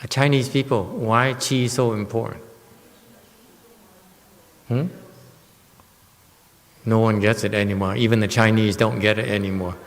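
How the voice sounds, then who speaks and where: A man's voice: fairly low pitch, fairly even intonation, a little slow, long pauses, in a large hall. A man teaching Buddhism in a Dharma lecture, often teasing and chuckling with his listeners. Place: temple hall.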